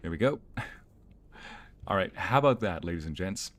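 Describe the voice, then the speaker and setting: Streaming live from home into a desk mic, this man talks casually, greeting viewers by name and laughing easily as streamer and narrator. His voice is deep, animated, and unhurried, with a fairly bright tone.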